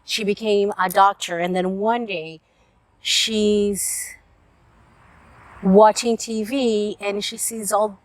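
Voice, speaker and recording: A woman's voice: medium pitch, steady tone, slow. Earnest woman reviewing picture books. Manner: earnest, emotional, tearful at moments. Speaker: book reviewer. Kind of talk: casual book review vlog.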